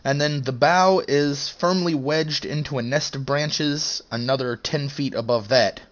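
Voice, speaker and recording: A young man narrates a tabletop game as game master. He speaks very slowly, hesitates often and fills the gaps with "uh". The recording sounds a little dull and lo-fi. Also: fairly high pitch. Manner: slow, hesitant, many fillers.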